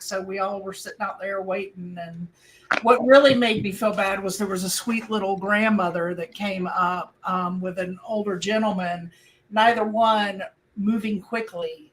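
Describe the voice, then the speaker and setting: A woman's voice: mid-range voice, fairly even intonation, a little slow, poor audio. A woman co-hosting a casual live chat, talking in a chatty way and quoting people as she tells a story. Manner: apologetic, chatty, quotes others. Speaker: co-host.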